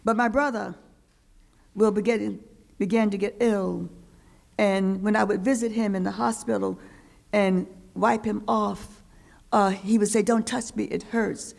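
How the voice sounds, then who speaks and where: An older woman gives a poetry reading in a lecture hall. Her voice is deeply gravelly and fry-laden. She reads slowly and deliberately, leaning on the rhythm of each line. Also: fairly even intonation, darkish tone. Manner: slow, deliberate, rhythmic delivery with pauses. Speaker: poet reading her work.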